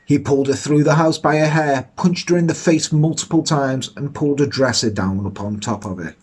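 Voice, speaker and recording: A young man with a husky voice and a slightly high pitch, chatting through a true crime tale. He tells it casually, with sardonic, sweary asides. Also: brisk, a little mellow. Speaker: podcast host telling a true crime story. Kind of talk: casual storytelling chat.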